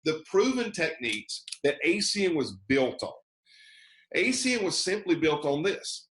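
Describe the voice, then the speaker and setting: A man's voice: on the high side, big pitch swings, normal speed, fairly bright tone, echoey room, slight background noise, rough recording. An American man giving a motivational sales training over a video call, emphatic and repeating key phrases, acting out sample phone calls.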